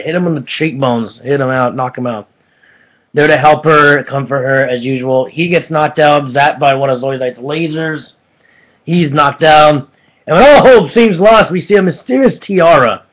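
A man giving a casual anime episode review, excitable and rambling, often restarting his sentences. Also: a little high, low-quality recording.

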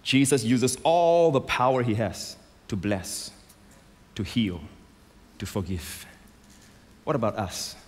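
A man preaching a sermon as a pastor, emphatic and rising to loud exclamations, on a stage microphone in a large church. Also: fairly low pitch. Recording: long hall reverb.

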